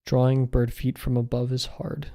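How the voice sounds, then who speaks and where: A man's voice: mid-range voice, level tone, moderate pace, gravelly, dark tone. A young man streaming as he draws, chatting casually in a rambling, amused way and often correcting himself. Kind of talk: casual chat while drawing on stream.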